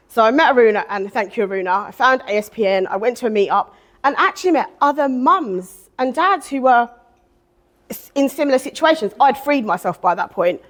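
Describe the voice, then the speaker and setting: Expressive woman telling her story. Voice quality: expressive, swings into high animated quotes. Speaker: speaker at a women's day event. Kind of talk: personal story told to an audience.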